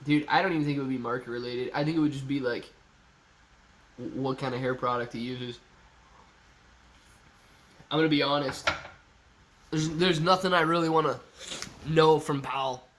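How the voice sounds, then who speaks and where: A man's voice: medium pitch, fairly even intonation, normal speed, long pauses, a bit bright, a little hiss or hum. A man hosting a live stream, chatting casually and reading viewer comments aloud, his voice stuffy and congested from a cold. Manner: reads chat comments aloud, joking and chatty. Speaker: livestream host.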